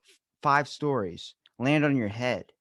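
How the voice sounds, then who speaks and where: A man talks in a loose, rambling podcast chat, getting animated as he retells stories and acts out the quotes. His voice sits at an ordinary pitch. The sound is dry and close, with no room behind it. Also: unhurried, no echo. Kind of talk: casual chat.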